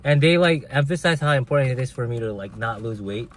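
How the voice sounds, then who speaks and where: A man's voice: mid-range voice, animated, fast, a little hiss or hum. A man hosting a casual livestream, chatting with viewers and reading their comments aloud while he eats, laughing often. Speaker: livestream host.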